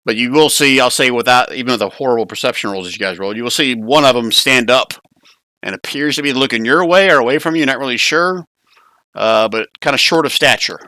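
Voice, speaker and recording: A man's voice: mid-range voice, fast, pushed and bright, dry recording. A man narrating a tabletop game as game master, casual and often laughing.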